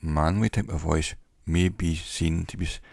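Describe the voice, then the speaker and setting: A man giving an educational talk in a measured, reflective way, pausing often between phrases. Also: low-pitched, fairly even intonation, gravelly, a little mellow, husky, dry recording, studio quality. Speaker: teacher. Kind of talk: educational monologue.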